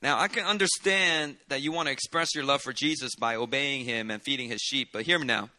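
A man's voice: medium pitch, fairly quick, sharp tone. A man preaching a sermon as a pastor, talking in a loose, conversational way with colorful asides. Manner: conversational preaching with dramatic asides and Southern "y'all".

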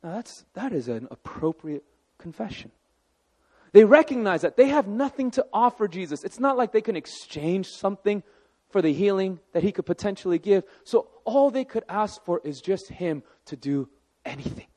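High-voiced pastor preaching in a hall. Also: male voice, normal speed. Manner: animated, conversational preaching with asides to the congregation. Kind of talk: sermon.

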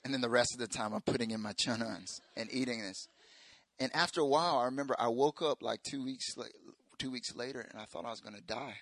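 Bright, lively young male preacher. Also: fast, dry recording. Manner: animated, jokey, acts out quotes in high voices. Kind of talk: sermon storytelling.

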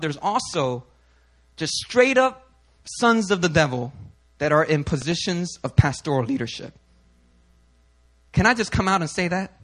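Bright, high-voiced male pastor preaching. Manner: animated, conversational preaching with slang and asides. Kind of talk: sermon.

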